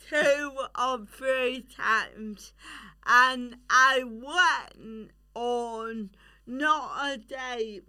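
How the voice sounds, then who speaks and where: A woman comedian guesting on a podcast, telling a story slowly in casual chat with frequent laughter. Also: a little high, pushed and bright, clear, resonant tone. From England.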